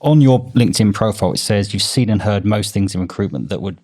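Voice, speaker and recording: A man's voice: on the low side, expressive, fast, dark tone. A man hosting a podcast interview, talking enthusiastically and with strong opinions, often restarting his sentences. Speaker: podcast host. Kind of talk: casual interview chat.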